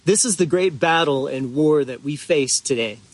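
A man preaching a sermon as pastor, earnest and deliberate, with drawn-out pauses for emphasis. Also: a little high, no room sound.

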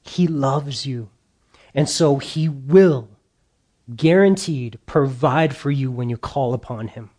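A man's voice: medium pitch, slow pace, dark tone. A man preaching a sermon as a pastor, telling stories and giving emphatic points. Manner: storytelling with quoted voices, emphatic.

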